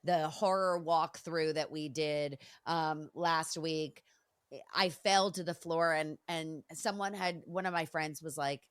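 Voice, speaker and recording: A woman hosts a casual podcast interview. Her voice sits fairly low for a woman and is recorded close and dry. She is effusive, gushing over her guest and dropping in constant quick affirmations. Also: smooth, dry recording. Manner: effusive, frequent backchannels, excitable. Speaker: podcast host.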